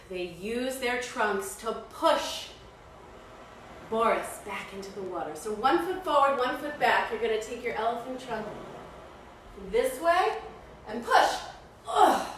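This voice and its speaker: A woman teaching kids' yoga, telling a story in a playful, animated, encouraging way. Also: a little high. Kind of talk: storytelling yoga class for children. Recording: echoey room, voice far from mic, faint noise.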